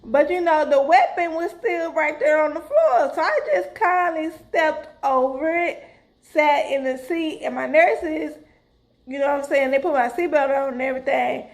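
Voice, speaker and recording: A middle-aged woman, telling her viewers a story in a casual, animated vlog style and calling them "y'all". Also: high voice, moderate pace. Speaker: vlogger.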